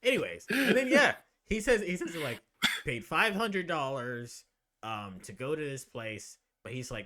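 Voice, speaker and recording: A man's voice: fairly high pitch, very animated, normal speed, pushed and bright. A man co-hosting a podcast among friends, recounting the story with giggles. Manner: giggly, recounting with quoted bits. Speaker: podcast co-host. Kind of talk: casual chat among friends.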